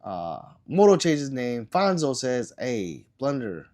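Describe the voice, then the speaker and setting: A man under the weather hosts a relaxed livestream and reads chat messages out loud one after another. His voice swings widely up and down. He coughs now and then and rambles through his answers with plenty of ums and uhs. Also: mid-range voice, unhurried. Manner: loose and rambling, with many fillers and trailing answers. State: sick, coughing. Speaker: livestream host. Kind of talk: casual livestream chat, reading viewer comments aloud.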